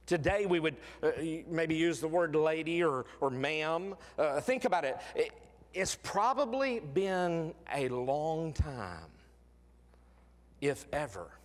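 A middle-aged pastor with a drawl, preaching in a fairly high voice that swings from lively to hushed. His sermon rings out with the long reverb of a large church sanctuary. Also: takes it slowly. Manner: dramatic preaching, drops to hushed tones.

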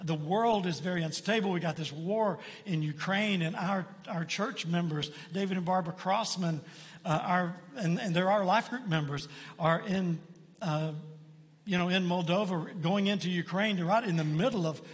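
Pastor, male, slightly high voice, folksy conversational sermon delivery, long church reverb. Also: moderate pace. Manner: folksy, conversational preaching with frequent asides.

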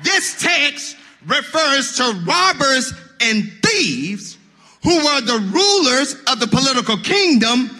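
A male pastor preaching a sermon, calling out to the congregation and rising into sung, shouted cadences. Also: very high-pitched, very animated, takes it slowly.

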